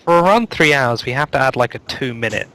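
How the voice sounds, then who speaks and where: Guy cohosting a live chat stream, rambly and jokey, lots of ums, mid pitched, home mic on a call. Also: expressive, fast talker, sharp tone, poor audio. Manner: rambling, joking, lots of fillers. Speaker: co-host reading out new speedruns. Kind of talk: casual live chat show.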